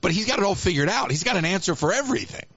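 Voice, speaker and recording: A man's voice: high voice, expressive, rapid-fire, a bit bright, no echo, lo-fi sound. A man hosting a call-in show, teasing the caller with mock-dramatic banter. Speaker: radio host.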